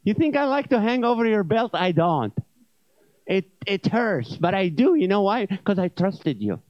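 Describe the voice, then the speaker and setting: Nagging jealous tummy guy done by a man, whiny and hurt, higher voice, dry flat recording. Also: moderate pace, no echo, muffled recording. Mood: indignant. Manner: nagging, wounded, guilt-tripping. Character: whiny, jilted male stomach scolding its owner.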